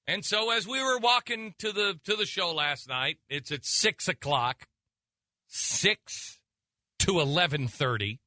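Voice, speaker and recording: A man's voice: high-pitched, unhurried, pushed and bright, no room sound. A man in his forties, a radio talk show host, telling a comic story in a sarcastic, rambling way from a studio mic. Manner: sarcastic and rambling, with many restarts. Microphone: close studio mic.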